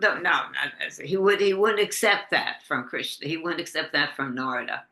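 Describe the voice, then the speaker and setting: A woman leading a devotional class over a video call, telling a story with many restarts and lively quoted voices. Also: sits low. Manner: halting, restarts often, animated when quoting. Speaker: class leader. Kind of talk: casual storytelling in an online class. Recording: echoey video call audio.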